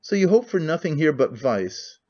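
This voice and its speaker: A man's voice: on the high side, sing-song, moderate pace, darkish tone. A man voicing a brooding young man who asks terse, accusing questions, on a muffled lo-fi recording.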